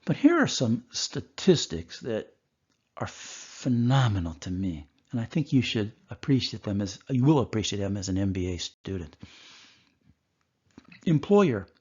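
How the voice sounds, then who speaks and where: A man who is a doctor, giving a recorded course lecture and telling a story from his work with animated voices. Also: lowish voice, a little slow, breathy edge, highs cut off.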